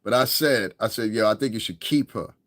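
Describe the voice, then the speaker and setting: A man's voice: on the low side, brisk, fairly bright tone, no room sound, clean studio sound. A man hosting his own podcast, talking in a blunt, profane, rambling commentary. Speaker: podcast host. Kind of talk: casual commentary monologue.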